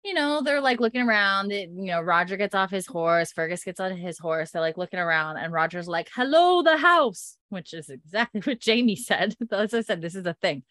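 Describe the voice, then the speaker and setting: A woman's voice: on the low side, fairly quick, hardly any pauses, a bit bright, no echo, studio quality. Chatty woman recapping a story. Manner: chatty, filler-heavy, laughs often.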